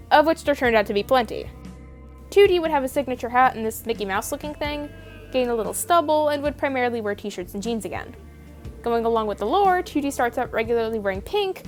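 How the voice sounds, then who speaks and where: A young woman narrating a scripted video essay in a wry, opinionated, casually profane manner. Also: fairly high pitch.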